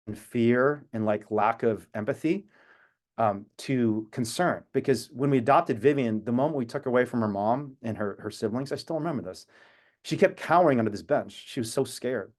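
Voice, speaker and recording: A man with a mid-range, slightly mellow voice speaks on a video call as an activist. He tells a personal story earnestly and reflectively, wandering into long tangents, and grows emotional at times.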